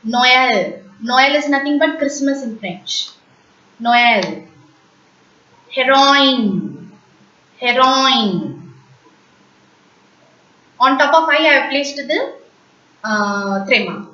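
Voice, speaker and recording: A woman teaching a language lesson at a high pitch and a deliberately slow pace, patiently repeating each word for learners. She sits away from the microphone in a roomy, echoing space. The sound is dull and lo-fi. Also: pushed and bright. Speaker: French teacher. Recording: echoey room, distant, dull lo-fi mic.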